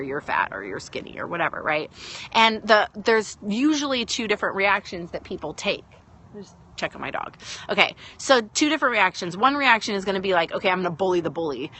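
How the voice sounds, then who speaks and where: A woman's voice: mid-range voice, pushed and bright. A woman hosting a casual live stream from home, talking through her thoughts with lots of fillers and greeting viewers as they join.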